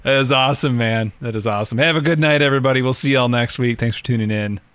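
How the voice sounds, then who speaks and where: Male co-host, crisp clear voice, dry close sound, enthusiastic. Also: medium pitch, quick pace, a bit bright, no room sound. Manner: enthusiastic sign-off. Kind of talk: casual chat.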